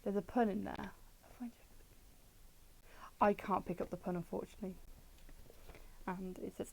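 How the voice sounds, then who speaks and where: Mellow-voiced British woman chatting on stream. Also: mid-range voice, moderate pace, pauses often, low-quality recording. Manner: chatty, digressive, answers chat with jokes. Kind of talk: casual livestream chat reviewing old books. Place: at home with her dog.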